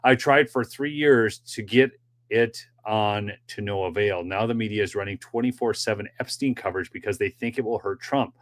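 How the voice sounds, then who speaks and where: A man's voice: fairly low pitch, normal speed. A man hosting a political commentary livestream, chatting directly with his viewers in a loose, rambling way with many fillers. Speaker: political commentary show host.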